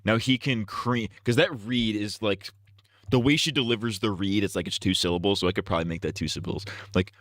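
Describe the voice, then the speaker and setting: A man's voice: on the low side, quick pace, fairly bright tone, no room sound, clean studio sound. Man mumbling through parody lyric ideas. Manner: muttering and trying out sung parody lyrics. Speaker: streamer. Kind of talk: casual livestream chat.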